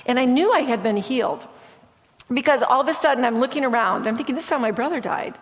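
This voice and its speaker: A woman giving a sermon-style testimony, telling stories in a lively way and acting out what people said. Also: on the high side, fast talker. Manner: lively storytelling, acting out quoted speech. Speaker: speaker sharing testimony. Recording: long hall reverb.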